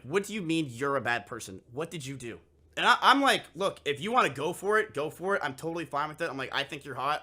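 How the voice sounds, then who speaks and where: A young man with a bright, forceful voice tells a wild story to his stream chat, pitched a bit high. He swears constantly and slips into the voices of everyone in the tale. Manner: profane and animated, acting out both sides of the conversation. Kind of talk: casual storytelling to a live chat.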